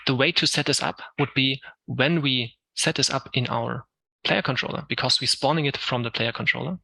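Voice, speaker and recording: A man's voice: medium pitch, gravelly, bright, forceful tone, no echo, low-quality recording. A man with a German accent, an Unreal Engine instructor giving a live tech talk, explaining step by step with frequent ums while answering questions.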